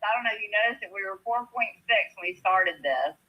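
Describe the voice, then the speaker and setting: A woman with a Southern accent, heard on a muffled, lo-fi line. She reads viewer comments aloud in an animated, theatrical style. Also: mid-range voice, quick pace. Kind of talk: dramatic reading of a viewer comment.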